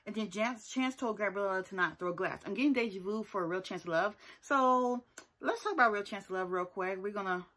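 A woman's voice: mid-range voice, a little fast, a bit bright. Sassy woman recapping a reality show. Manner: sassy and emphatic, often tags points with "okay?". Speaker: TV show reviewer. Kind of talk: casual recap vlog.

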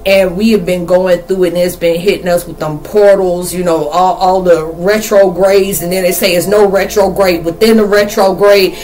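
A woman's voice: on the low side, fairly even intonation, normal speed, few pauses, a little mellow, a little hiss or hum. A young woman, chatting casually and playfully in a rambling spiritual vlog. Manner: rambling, playful, laughs often. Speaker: spiritual vlogger.

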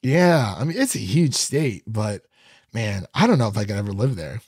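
A man's voice: lowish voice, animated, moderate pace, a little mellow, breathy edge, dry recording, studio quality. Chatty man hosting a podcast. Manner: chatty, laughs often, loose and rambling. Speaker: podcast co-host. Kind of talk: casual review chat.

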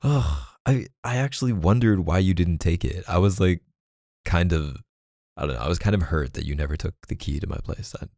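A young man speaking softly and hesitantly in a whispered role-play, as an affectionate boyfriend. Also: low voice, animated, brisk, vocal fry, no room sound, studio quality. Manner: soft-spoken, hesitant, affectionate. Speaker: ASMR boyfriend roleplay creator.

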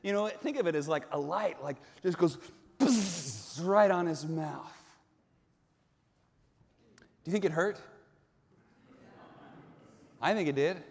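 A man pastor preaching a sermon as a vivid storyteller, moving between hushed tones and shouting, in a large church sanctuary. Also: a little high, normal speed, creaky, pauses often. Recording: long reverb in a large sanctuary.

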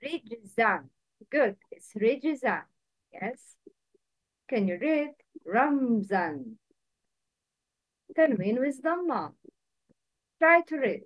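Slow, careful woman teacher. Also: a little high, big pitch swings, dry recording, rough recording. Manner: slow, careful drilling with repeated prompts. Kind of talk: Arabic letter pronunciation lesson.

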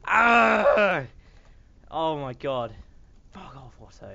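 A man hosting a gaming channel, giving excitable gameplay commentary and swearing at other players in mock rage. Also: mid-range voice, a little slow, highs cut off.

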